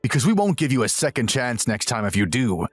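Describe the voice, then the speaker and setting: A man's voice: mid-range voice, very animated, fairly quick, breathy edge, dry recording, faint music behind. A man voicing a smug, self-righteous young husband who lectures and sneers in a dramatized text-message story. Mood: arrogant.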